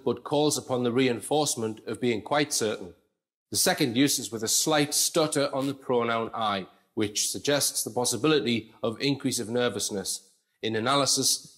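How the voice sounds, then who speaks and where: A man's voice: mid-range voice, fairly bright tone. Guy chatting through an explainer, reading quotes, mid voice. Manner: conversational, reads quotes aloud with asides. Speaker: commentator. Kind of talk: explanatory commentary.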